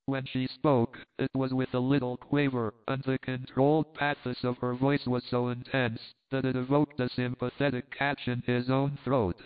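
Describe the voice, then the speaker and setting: A man narrating a classic novel in a measured, literary reading. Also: medium pitch, little pitch movement, smooth. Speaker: audiobook narrator. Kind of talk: scripted narration. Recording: phone-like thin sound.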